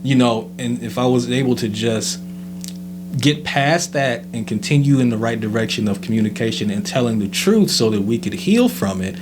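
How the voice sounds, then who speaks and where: A man's voice: mid-range voice, lively intonation, normal speed. Male co-host, casual rambling delivery, mid-range voice, noisy hum behind. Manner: laid-back, rambling, many fillers. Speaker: podcast co-host. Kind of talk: casual chat.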